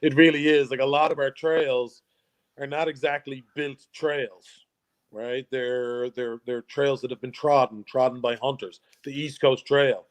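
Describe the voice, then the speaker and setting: Speaking a little slowly in a steady, mid-range voice, a male guest from Newfoundland, Canada, tells jokey stories in a casual interview chat. He laughs often and restarts phrases.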